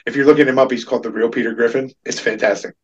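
A man hosting a casual podcast chat, laughing often and restarting his sentences in an animated way. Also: mid-range voice, rapid-fire, breathy edge, far from the mic, low-quality recording. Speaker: podcast host.

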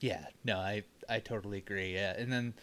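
A man casually recapping a horror film with a co-host, profane and animated, slipping into silly voices for the characters. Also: fairly low pitch, brisk. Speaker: podcast co-host. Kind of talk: casual movie recap chat.

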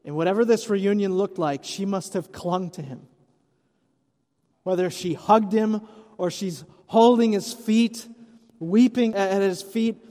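A man's voice: sits high, a little slow, darkish tone. A man preaching an Easter sermon as pastor, retelling the story conversationally with light humor. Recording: long hall reverb.

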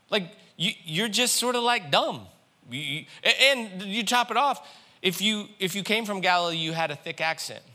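A man delivering a sermon with a very bright, ringing voice that sits a little high for a man. He preaches in an animated way, rising to loud passages and then dropping to a hushed tone. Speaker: pastor.

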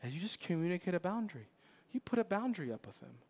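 A pastor in his forties giving a sermon, telling stories with laughter and moving between loud emphasis and quiet, earnest lines. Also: sits high, fast. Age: 40s. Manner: animated storytelling with laughter, swings between loud and hushed. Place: church sanctuary. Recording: long reverb of a church hall.

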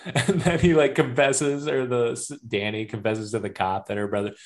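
A man co-hosting a casual movie podcast, recapping scenes in a relaxed way and laughing along. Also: medium pitch, moderate pace. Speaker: podcast co-host.

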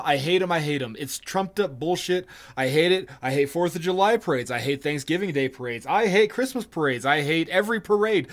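A male podcast co-host in casual chat, profane and emphatic. He rants with blunt force and throws curses into nearly every line, in a voice pitched a touch above the usual man's. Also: animated, moderate pace, a bit bright.

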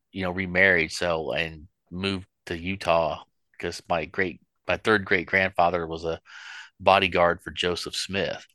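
Low bright guy rambling on a podcast, dry sound. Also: dry recording. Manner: rambling storyteller, full of restarts. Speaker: podcast co-host. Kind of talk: casual chat.

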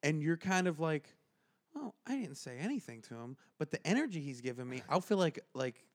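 Male co-host, higher pitch, very lively swoops, quotes people in exaggerated voices. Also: fairly quick. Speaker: podcast co-host. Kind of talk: casual comedic chat.

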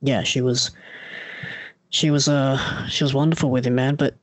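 A man in casual conversation recalling stories lively, with many small restarts. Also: mid-range voice, moderate pace, dry recording. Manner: animated storyteller who acts out quoted voices.

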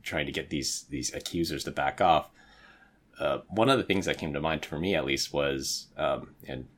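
A man co-hosting a podcast, speaking in a measured, analytical way in casual chat. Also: a bass voice. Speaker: podcast co-host.

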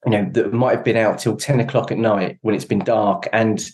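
Guy on a podcast, kinda low voice, earnest, thinks out loud and gropes for words. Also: steady tone, normal speed. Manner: earnest and reflective, searching for words. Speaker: podcast guest, endurance cyclist. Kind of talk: casual conversation.

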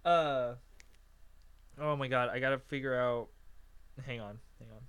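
A man's voice: mid-range voice, a little slow, fairly bright tone, smooth, dry recording. A man chatting casually as a podcast co-host, acting out quotes and swearing as he tells stories. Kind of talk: casual chat.

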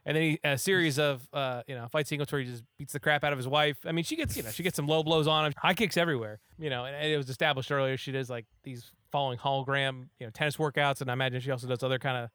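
A man's voice: on the high side, a bit bright, clear, resonant tone, no echo, studio quality. A man giving a casual, rambling movie recap, full of fillers and acted-out quotes.

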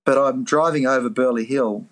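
A middle-aged man with an Australian accent recounts a turning point in his life as a podcast guest. His voice sits in an ordinary middle register. He talks earnestly and with energy, slipping into a higher, livelier voice whenever he acts out what he used to think. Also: moderate pace. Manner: earnest, animated, jumps into a higher voice to act out his own past thoughts. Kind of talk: reflective podcast storytelling.

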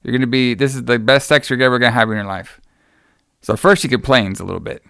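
Casual podcast co-host, gravelly male voice, animated storyteller, dry close mic. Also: mid-range voice, fast, no echo. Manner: animated storyteller acting out quotes, laughing often. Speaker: podcast co-host recapping a horror movie. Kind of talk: casual chat.

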